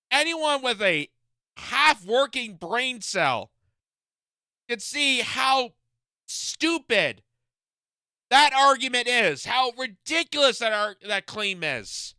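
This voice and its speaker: Bright, lively young-sounding man ranting. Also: very high voice, slow pace, long pauses, clean tone, no room sound. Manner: mocking, incredulous, laughs often. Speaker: political commentary host. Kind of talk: ranting reaction commentary.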